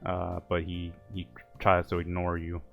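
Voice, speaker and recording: A man with a very low voice runs a tabletop game as game master. He describes scenes in steady, descriptive narration and calls for rolls. Soft music plays underneath. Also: measured pace, vocal fry, no room sound, phone-quality sound. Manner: calm descriptive narration, calling for dice rolls.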